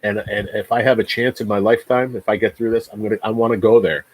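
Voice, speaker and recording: A man's voice: on the low side, fairly even intonation, quick pace, breathy edge, no echo, rough recording. A man in his forties hosting a casual livestream chat, talking in an emphatic, profane rant and often repeating himself. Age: 40s. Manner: repeats words. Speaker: livestream host.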